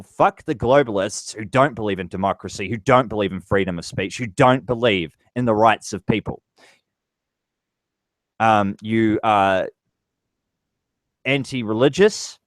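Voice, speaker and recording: A man delivers a furious, foul-mouthed political rant to his camera. His pitch leaps and drops as he works himself up. The sound is dry, with no room echo. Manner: angry, profane ranting. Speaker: vlogger.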